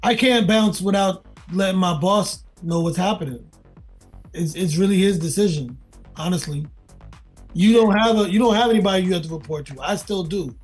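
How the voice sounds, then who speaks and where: A man playing in a tabletop game, speaking in character in a hesitant, low-key way. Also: normal speed, husky, soft background music. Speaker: player.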